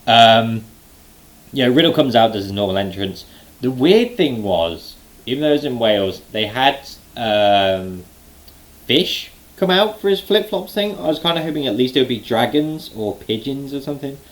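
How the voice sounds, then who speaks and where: A young man recapping a live event in a casual, excited way, full of fillers and restarts. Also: medium pitch, normal speed, poor audio. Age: late 20s. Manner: excited, rambling with many fillers. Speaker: wrestling fan vlogger.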